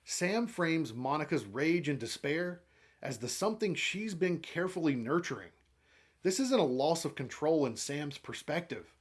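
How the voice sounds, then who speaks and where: A man recapping a comic issue and explaining its meaning in measured commentary. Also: fairly high pitch, slightly rough. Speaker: comic book reviewer.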